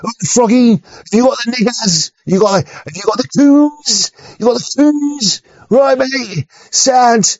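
A man's voice: a little slow, dry recording. A man voicing a chummy, brash male navy sailor, pushy and swearing, on dull muffled audio. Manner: matey, high and pushy, swearing.

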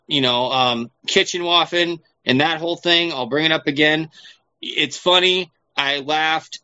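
A man in casual podcast talk with a fairly high, sharp, bright voice. He rambles, swears constantly and leans on fillers. The recording sounds dull and lo-fi. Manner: profane, rambling, heavy on fillers. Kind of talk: casual chat.

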